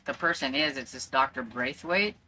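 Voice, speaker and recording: A woman's voice: very deep voice, normal speed, sharp tone. A woman book vlogger chatting casually at home, rambling a little with plenty of fillers. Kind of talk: casual chat.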